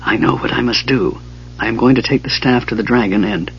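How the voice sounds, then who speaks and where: A man doing a calm, resolute noblewoman. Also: mid-range voice, moderate pace, breathy edge, dull audio. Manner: gentle but firm, often hushed.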